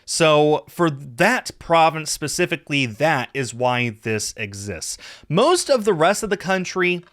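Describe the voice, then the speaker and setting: An American man hosting his own collector video, talking in a casual, rambling way with lively jumps in pitch. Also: measured pace. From United States. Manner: rambling, chatty, animated pitch swings. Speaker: video host.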